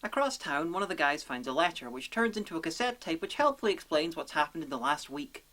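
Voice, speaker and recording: A woman narrating a comedic film review in a sarcastic, deadpan, profane manner. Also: lowish voice, fast, slight background noise.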